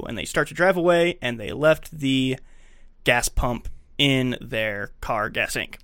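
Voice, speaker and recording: A man's voice: mid-range voice, moderate pace, a bit bright, clear, resonant tone, no room sound, clean studio sound. A man co-hosting a podcast, casually retelling a movie's scenes and acting out the characters' lines. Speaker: podcast co-host. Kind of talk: casual chat, recapping a movie. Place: podcast recording setup.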